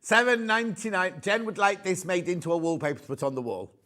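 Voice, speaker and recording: A man's voice: high voice, expressive, fast, bright, forceful tone. A man with a Yorkshire accent presenting a live shopping show, gushing and rambling in easy chat. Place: TV studio.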